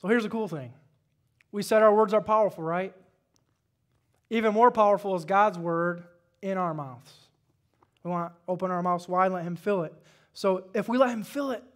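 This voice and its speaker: A man with a notably high voice delivers a sermon in an easy, conversational tone. He puts questions to his congregation as he goes. His volume rises and falls, from hushed prayer to loud, emphatic exhortation. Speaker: pastor.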